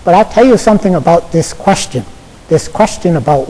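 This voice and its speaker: An American man, a Buddhist monk, giving a casual Zen dharma talk to an audience, halting and full of fillers, often checking in with "okay?". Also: high-pitched, lively intonation, mellow. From United States. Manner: halting, conversational, many fillers and repeated "okay?". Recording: echoey lecture hall.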